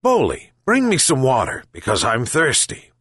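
A man's voice: mid-range voice, huge pitch swings, normal speed, a bit bright, breathy edge, dry recording, studio quality, pitched above the performer's own voice, exaggerated voice. A man voicing a kind, sick old fisherman who calls and pleads with his pets. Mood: calling. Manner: calling out, pleading.

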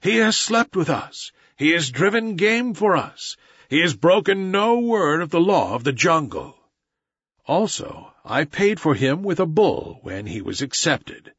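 Man doing an old worn-out wolf chief, slow and solemn, lively pitch, muffled. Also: breathy edge, no room sound, exaggerated voice. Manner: weary, solemn. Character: old weary male wolf leader.

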